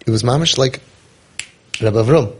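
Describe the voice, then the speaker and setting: A man's voice: medium pitch, moderate pace, slightly rough. A man, casually telling a story and acting out the dialogue with lots of restarts. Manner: animated storyteller, acts out dialogue, many restarts. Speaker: parenting guide telling a story.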